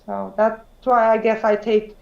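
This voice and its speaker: A woman's voice: mid-range voice, flat delivery, measured pace, vocal fry. Casual woman co-host, candid and blunt, slightly dull sound in a roomy space. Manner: candid, swears freely, fillers like "like". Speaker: podcast co-host. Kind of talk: casual chat.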